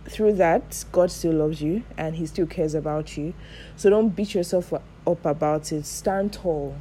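A young woman with a Nigerian accent talks straight to her audience in a casual vlog, stressing her points by repeating them. Her voice sits a little low and has a mellow, soft tone. A faint hum of room noise stays under her speech. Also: poor audio. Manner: animated, emphatic, repeats for stress. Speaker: vlogger. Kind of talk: casual storytelling to camera.

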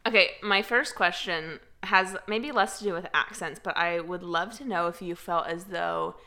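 An American woman in her mid-twenties, co-hosting a podcast in an animated, curious way. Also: on the low side, normal speed. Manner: animated, laughs easily, asks questions. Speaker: podcast co-host. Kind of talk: casual chat.

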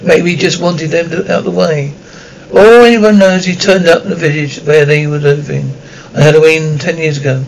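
Gruff kindly giant groundskeeper, a guy reading him, folksy and rambly, keeps restarting, slightly high voice. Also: steady tone, moderate pace, few pauses, slight background noise, low-quality recording. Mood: grave. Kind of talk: audiobook character reading.

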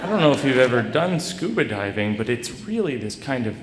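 A man telling a personal story to a live audience with a rambling, self-deprecating delivery full of halting restarts. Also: medium pitch, sing-song, a loud crowd, heavy background noise. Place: stage in a large hall. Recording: echoey live hall recording.

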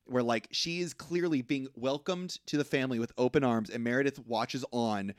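A man's voice: medium pitch, moderate pace, no echo, clean studio sound. A man co-hosting a podcast, casually recapping a film in a rambling way and acting out the characters' lines. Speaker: podcast co-host. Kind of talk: casual movie recap chat.

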